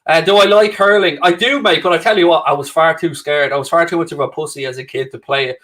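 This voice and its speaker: Upbeat young Irish streamer, slightly high voice, jokey self-mocking chat with viewers. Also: male voice, fast talker, fairly bright tone. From Ireland. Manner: cheerful, chatty, self-mocking banter. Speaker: livestream host. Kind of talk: casual live chat reading viewer comments.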